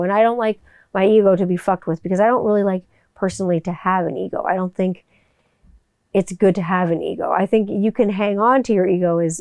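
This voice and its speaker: A woman's voice: mid-range voice, dark tone, smooth, no echo, clean studio sound. A woman hosting her own podcast, talking casually and candidly, swearing freely and circling back through restarts. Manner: candid and profane, with rambling restarts. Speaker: podcast host. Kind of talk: casual solo podcast monologue. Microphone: studio microphone.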